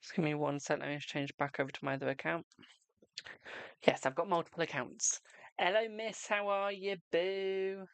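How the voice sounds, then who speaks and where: A man's voice: a little high, fairly even intonation, normal speed, gravelly, fairly bright tone, smooth, no room sound. A man hosting a live tarot reading stream, chatting casually with viewers and calling them darling and boo.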